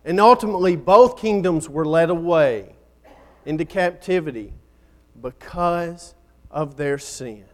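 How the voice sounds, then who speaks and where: A man's voice: a little high, measured pace. A man preaching a sermon in a dramatic style, building up and then falling nearly silent at the ends of phrases.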